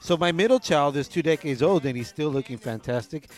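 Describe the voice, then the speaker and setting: A middle-aged man co-hosting a radio show, laid-back and laughing often, dropping Spanish phrases into casual shout-outs. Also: a little high, fairly quick.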